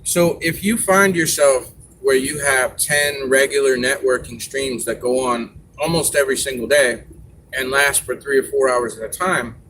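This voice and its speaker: A man with a medium-pitched voice talks casually on his live stream. He rambles a bit and pauses with fillers as he gives advice to viewers. Faint background noise sits under the voice. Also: steady tone, fairly bright tone, poor audio.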